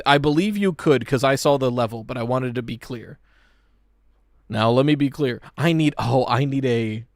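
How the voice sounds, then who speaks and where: A man chatting casually on a live stream, reacting to a game trailer in an animated, excitable way and swearing casually as he talks to his chat. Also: medium pitch, dry recording, clean studio sound.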